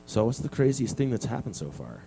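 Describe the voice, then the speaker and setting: Joking male radio host, lively pitch. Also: fairly quick, vocal fry. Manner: joking, teasing, dry asides. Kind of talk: casual radio interview banter. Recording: radio studio with music underneath.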